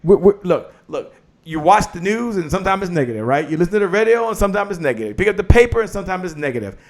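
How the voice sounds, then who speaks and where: Energetic man hosting a live motivational show. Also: high-pitched, rapid-fire. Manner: energetic, preacher-like call-and-response. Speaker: host. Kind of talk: live-stream motivational talk.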